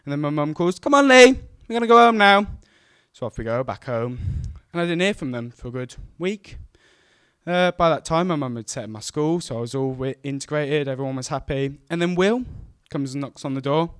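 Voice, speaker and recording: A man's voice: mid-range voice, fairly quick, clean tone, no room sound, clean studio sound. Man telling a live story. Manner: animated, self-mocking, acts out the scenes. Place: stage at a live event.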